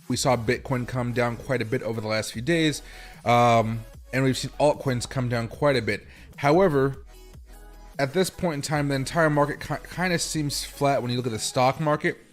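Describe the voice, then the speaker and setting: A man's voice: medium pitch, moderate pace, soft background music. A man hosting a casual livestream, chatting loosely, greeting viewers by name and talking to his dog between remarks. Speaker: livestream host.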